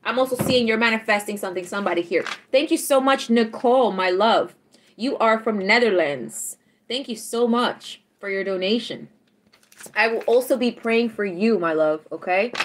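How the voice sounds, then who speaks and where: A woman, chatting casually on a tarot livestream, teasing and animated, laughing often as she reads out chat. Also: on the high side, normal speed, a little hiss or hum.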